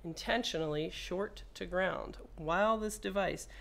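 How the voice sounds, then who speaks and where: A woman's voice: fairly low pitch, unhurried, vocal fry, a bit bright. A woman repair technician walking viewers through a hands-on demo in a casual, playful way, chatting to the device and cursing when things go wrong. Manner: playful, talks to the phone, swears when frustrated.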